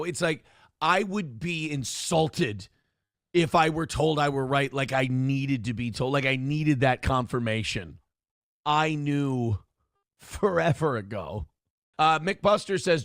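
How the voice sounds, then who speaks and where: A man hosts a livestream, ranting combatively and sarcastically at his critics and mocking their voices. His voice is fairly high and fairly bright with lively intonation at normal speed, recorded in studio quality with no room sound.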